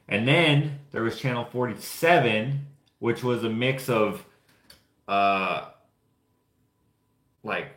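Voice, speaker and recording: A young Canadian man with a medium, fairly bright voice chats casually and rambles offhandedly while painting figures. The recording has a roomy echo.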